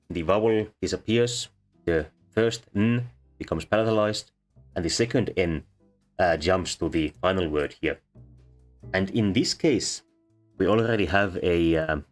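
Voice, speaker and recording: A man explaining sound changes as a lecturer, pausing often with ums and uhs. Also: sits low. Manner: halting, many ums and uhs. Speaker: linguistics lecturer. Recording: faint background music.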